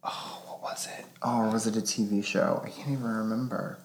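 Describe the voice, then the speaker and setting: A man's voice: lowish voice, fairly even intonation, brisk. A man co-hosting a podcast, joking casually about a movie as he watches it and mimicking its characters. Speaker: podcast co-host.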